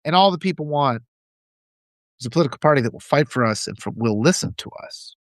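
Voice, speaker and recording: A man's voice: fairly high pitch, lively intonation, fast, dry recording. A man giving an impassioned political monologue, ranting and mimicking opponents in mocking voices. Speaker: political commentator.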